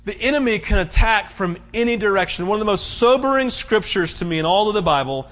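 A man preaches a sermon at a quick pace, his emphatic delivery rising to loud, high peaks. Animated storytelling runs throughout, punctuated by frequent "right?" asides, all on a dull, lo-fi recording.

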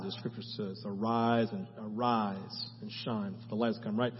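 A male pastor preaching a sermon and then praying, moving between loud, urgent exhortation and hushed, earnest prayer. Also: lowish voice, fairly even intonation, normal speed, hardly any pauses, a little hiss or hum. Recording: muffled sound in a reverberant hall with faint music.

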